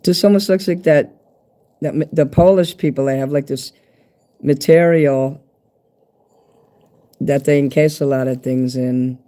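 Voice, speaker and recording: A man's voice: fairly high pitch, fairly even intonation, unhurried, long pauses, mellow. A man chatting casually to camera as he unboxes a fan's package at home, rambling, swearing and easily delighted. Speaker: vlogger opening a fan's package. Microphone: handheld camera.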